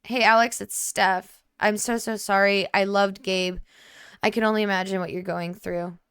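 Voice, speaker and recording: A sympathetic young woman friend offers comfort in a gentle way, as a gamer reads her text aloud. The voice is bright and crisp, close and dry. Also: medium pitch, little pitch movement, normal speed, dry recording, close to an everyday voice.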